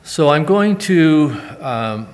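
A man's voice: on the high side, expressive, takes it slowly. A man in his forties, a church member, telling a personal mission-trip testimony in earnest, rambling anecdotes with asides.

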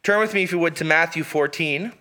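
A man preaching a sermon in an earnest, emphatic way, reading scripture aloud and pausing for weight. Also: a little high, pushed and bright. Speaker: pastor.

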